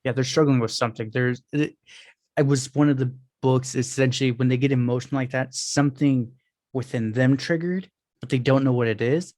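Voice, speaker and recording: A man of middle pitch talks casually as a podcast guest. He rambles and restarts as he tells his stories. The sound is dry and close. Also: darkish tone, no room sound. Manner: rambling, storytelling, quick restarts. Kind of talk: casual interview chat. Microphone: video call on phone.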